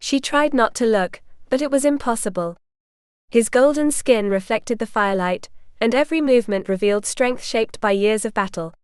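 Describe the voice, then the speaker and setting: A woman narrating a romance audiobook in a measured, even storytelling manner. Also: fairly high pitch, smooth, no room sound, clean studio sound. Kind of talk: scripted narration.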